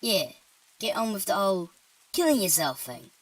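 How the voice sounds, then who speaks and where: A woman's voice: medium pitch, sing-song, moderate pace, husky, no room sound, rough recording. A woman doing a tired, laid-back British demon. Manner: casual, offhand, tired. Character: weary, easygoing male demon on the job. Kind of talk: horror-comedy story narration.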